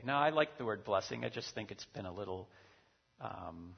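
A man's voice: fairly low pitch, expressive, normal speed, gravelly, slightly rough. A male pastor giving a sermon in a chatty, conversational way, with frequent asides and check-ins with the listeners. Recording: dull recording in a reverberant hall.

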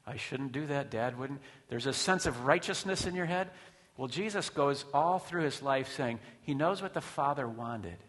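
A man's voice: medium pitch, lively intonation, moderate pace, a bit bright. A man preaching a sermon in a conversational way, with rhetorical questions and frequent restarts. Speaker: pastor. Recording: long hall reverb.

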